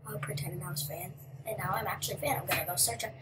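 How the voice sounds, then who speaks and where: A woman hosting a casual gaming video. She talks excitedly, chats to viewers and drops to whispers while she types. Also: mid-range voice, very fast, heavy background noise. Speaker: gaming channel host.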